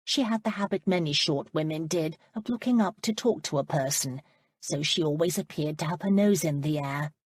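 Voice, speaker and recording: Low husky woman narrating a novel. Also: no room sound. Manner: calm, measured storytelling. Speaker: audiobook narrator. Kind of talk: scripted romance narration.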